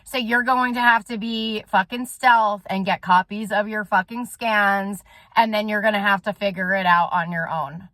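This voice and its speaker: A woman's voice: mid-range voice, fairly even intonation, moderate pace, pushed and bright, no echo. A woman talking straight to her viewers in a casual monologue, intense and rambling, with frequent swearing. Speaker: soul coach and vlogger. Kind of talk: casual direct-to-camera monologue.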